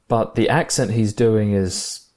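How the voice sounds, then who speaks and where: A man with a fairly low voice chats about films with a friend, enthusiastic and a little rambling. He often stops to rethink a sentence, with plenty of "um" and "like", and keeps the tone easygoing. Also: measured pace, darkish tone. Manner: enthusiastic, thinks aloud with fillers and restarts. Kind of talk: casual film discussion.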